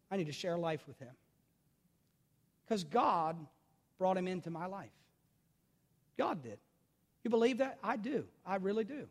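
High-voiced preaching man in reverberant hall. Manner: preaching with swings from loud, urgent emphasis to quiet, intimate storytelling; repeats phrases for emphasis and addresses listeners directly. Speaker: pastor. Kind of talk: sermon. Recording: long reverb of a large hall.

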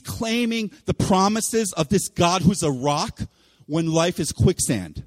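A man preaching a sermon as pastor in a church, animated and acting out the voices of people he quotes. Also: high-pitched, measured pace, long reverb tail. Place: church sanctuary.

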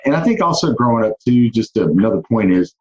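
A man's voice: on the low side, very animated, brisk, darkish tone. A middle-aged man with a Southern accent tells his life story in a casual podcast interview, earnest, with many restarts. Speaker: guest, car dealership owner. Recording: dull lo-fi sound.

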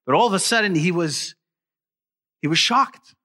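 A man's voice: sits high, lively intonation, moderate pace, bright, forceful tone. A man preaching a sermon to his congregation, emphatic and full of rising questions.

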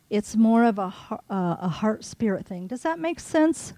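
Middle-aged woman, encouraging devotional talk to moms, warm mellow tone, dry close sound. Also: medium pitch, expressive, normal speed, few pauses, dry recording. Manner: earnest, encouraging, repeats phrases for emphasis. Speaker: Christian mothers' ministry speaker.

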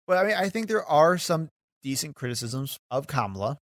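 A man co-hosting a political podcast in casual chat, talkative and quick to laugh. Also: a little high, sing-song, a bit bright, dry recording, studio quality. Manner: talkative, laughs often, hedging asides. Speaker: podcast co-host.

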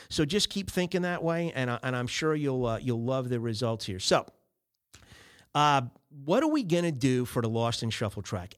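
A man hosting a podcast, giving casual business advice and acting out quoted emails in quick voices. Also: medium pitch. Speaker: podcast host.

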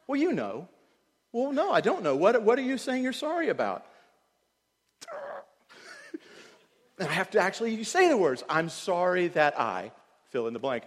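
A male pastor preaching a sermon in earnest, dropping to quiet tones and then rising loud, often putting questions to the congregation. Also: mid-range voice. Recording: long hall reverb.

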